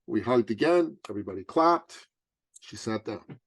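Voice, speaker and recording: A middle-aged man, a business coach interviewed as a guest, telling a story with animated, dramatic emphasis. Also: medium pitch, moderate pace, no echo.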